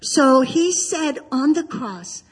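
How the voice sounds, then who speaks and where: Middle-aged woman, high voice, sharing a faith story with earnest exhortation; sound carries a long hall echo. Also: animated, slow pace. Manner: vivid storyteller who acts out remembered dialogue. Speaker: speaker sharing a faith testimony. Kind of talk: Christian testimony talk to mothers.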